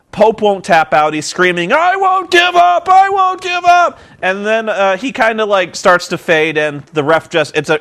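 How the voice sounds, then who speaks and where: A man giving a casual, sarcastic wrestling recap, swearing freely and acting out scenes. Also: a little high. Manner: excitable, profane, sarcastic, acts out scenes. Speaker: vlogger reviewing wrestling. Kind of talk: casual commentary.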